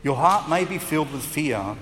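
A man preaching a sermon as pastor, chatty and lively, now and then acting out voices with a laugh. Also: a little high, moderate pace, big-room sound, soft background music. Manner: conversational, acts out voices and laughs.

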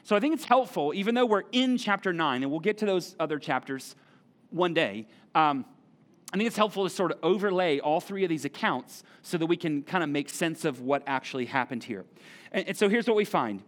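A man's voice: a little high, lively intonation, a little fast. A middle-aged man preaching a sermon in a church, talking conversationally and repeating key phrases for emphasis. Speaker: pastor. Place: church auditorium.

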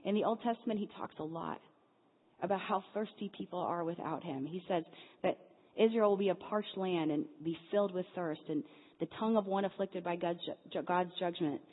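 A woman telling a personal story in a sermon, acting out the voices of the people in it with lively energy. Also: fairly low pitch, a little fast. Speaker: speaker at a church Lent series. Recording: phone-like sound in a big reverberant hall.

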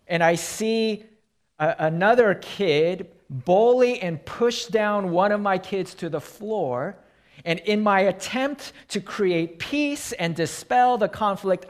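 Slow, earnest male preacher. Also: high voice. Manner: illustrative storytelling, dropping to quiet emphasis. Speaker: pastor. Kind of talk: sermon.

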